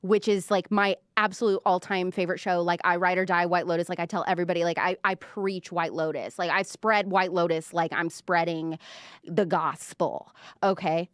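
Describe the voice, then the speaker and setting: On clean, dry studio sound, a young livestream host speaks at normal speed in a fairly low, steady voice. Her casual pop-culture show is chatty and gossipy, packed with "like," and she reads out comments from viewers.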